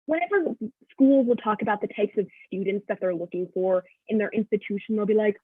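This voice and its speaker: A teenage girl doing a stand-up comedy set, sarcastic with quick punchlines, on a dry, tinny recording. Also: mid-range voice, husky, dry recording. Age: late teens. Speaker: student comedian. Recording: dry tinny phone-like sound.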